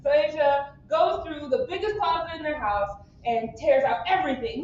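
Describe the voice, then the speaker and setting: A woman's voice: sits high, animated, moderate pace, far from the mic, slight background noise. Woman, improv storyteller, rambling, giggly, very echoey muffled stage recording. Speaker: improv performer. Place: theater stage.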